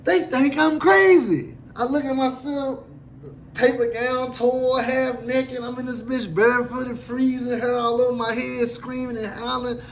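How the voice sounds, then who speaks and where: A man tells a story from his own life in a loose, comic, profane style, acting out the other people as he goes. His voice sits high for a man, and a faint hiss runs under it. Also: level tone, a little slow. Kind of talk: casual storytelling.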